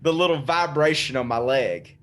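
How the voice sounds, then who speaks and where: A man's voice: medium pitch, moderate pace, fairly bright tone. A young man casually telling a spooky story on a podcast, swearing freely and laughing as he goes. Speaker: podcast guest.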